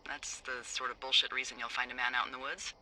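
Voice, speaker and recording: An actress playing a wry, teasing lookout supervisor who swears freely, heard over a walkie-talkie radio in a video game. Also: female voice, very deep voice, level tone, fast talker, pushed and bright, slight background noise, heavily acted, rough recording. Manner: playful, sarcastic, swears freely.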